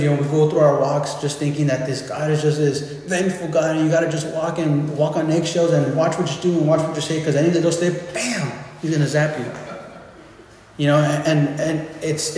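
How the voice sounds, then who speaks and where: A preacher with a fairly high-pitched, somewhat dark voice delivers an informal, conversational sermon, frequently restarting and repeating words as he explains things. The recording was made in an echoey hall with faint ambient sound.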